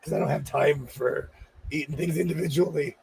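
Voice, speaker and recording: A man with a Minnesotan accent hosting a sewing livestream, chatting playfully and breaking into loud laughing exclamations. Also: a little high, moderate pace, creaky, slight background noise. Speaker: sewing channel host. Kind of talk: casual livestream chat.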